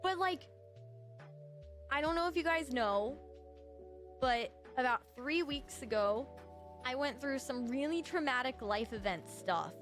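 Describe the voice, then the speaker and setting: A woman streamer chatting casually to her viewers, bubbly and excitable with sudden shrieking outbursts. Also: sits high, unhurried, long pauses, faint music behind.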